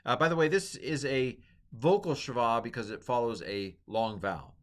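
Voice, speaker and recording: A middle-aged male teacher lectures on Hebrew grammar in a casual, chatty way, full of fillers and asides. His voice sits at a medium pitch and he talks at a normal speed.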